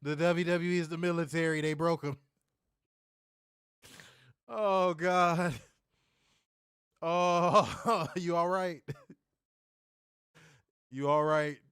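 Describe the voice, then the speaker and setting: A man's voice: fairly high pitch, steady tone, slow, long pauses, fairly bright tone, clean tone, no room sound, studio quality. A man co-hosting a wrestling review show, teasing his co-host in casual slangy banter and laughing often. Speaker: podcast co-host. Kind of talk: casual chat.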